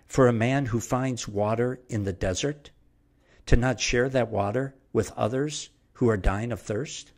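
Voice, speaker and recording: A man's voice: mid-range voice, darkish tone. Middle-aged male preacher, mid-range voice, emphatic and repetitive sermon delivery. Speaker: preacher and Bible teacher. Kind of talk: verse-by-verse sermon.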